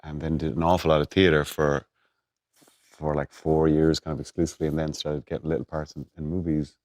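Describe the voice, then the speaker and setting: An Irish man in his forties chats casually with a fellow actor in a very deep, flat, brisk and slightly mellow voice. He sounds hesitant and often repeats words.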